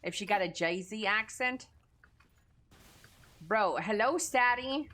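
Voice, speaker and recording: A woman livestreaming a game, talking crudely to her chat and yelling at her teammates. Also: mid-range voice, lively intonation, slow, slight background noise. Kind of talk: live gaming stream chat.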